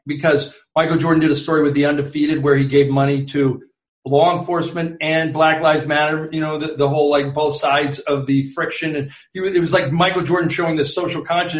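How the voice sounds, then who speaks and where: High-voiced man telling rambling stories. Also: echoey room. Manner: animated, rambling anecdotes with many restarts. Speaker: guest sports columnist. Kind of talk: casual storytelling chat.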